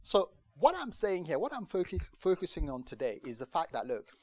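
A man preaching a conversational sermon to a congregation, lively and chatty, acting out the voices he quotes and often asking if they understand. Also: fairly high pitch, brisk. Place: church gathering in the UK.

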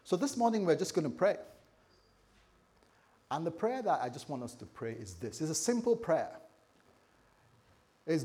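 A man's voice: a little high, sing-song, normal speed, long pauses, mellow. A man preaching a sermon, joking with a laughing congregation and leading them in prayer. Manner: playful, jokes with the congregation. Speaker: pastor.

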